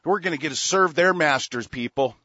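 A man delivering an angry, profane ranting monologue as a solo commentator. He bursts into shouts and stumbles over restarts. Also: a little high, brisk, no echo. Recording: dull lo-fi dry recording.

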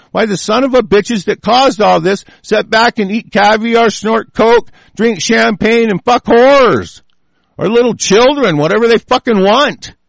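Gravelly high-voiced man ranting angrily. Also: no room sound. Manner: furious, heavily profane ranting. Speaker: political commentator. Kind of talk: angry solo rant reacting to news.

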